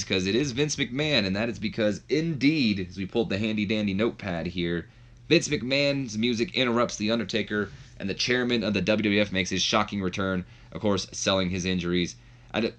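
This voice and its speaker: A man's voice: low-pitched, fairly bright tone. A man narrating a wrestling management game in a chatty, casual commentary style, self-deprecating and often restarting his sentences. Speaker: game streamer. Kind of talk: casual let's-play commentary.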